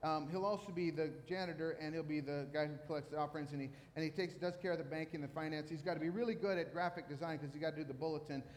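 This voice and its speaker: A male pastor delivers a sermon from a church stage, his voice sitting a little high. He tells stories with lively, self-deprecating humor. The sound rings with the long reverb of a large hall. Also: racing, few pauses. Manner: storytelling, animated, self-mocking humor.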